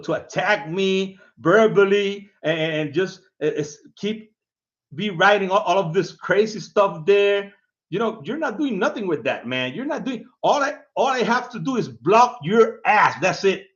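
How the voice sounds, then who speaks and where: A man's voice: high-pitched, expressive, a little slow, a bit bright, lo-fi sound. A man hosting his own video, mocking a commenter in a casual rant, laughing often and repeating himself with lots of "man". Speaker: video host.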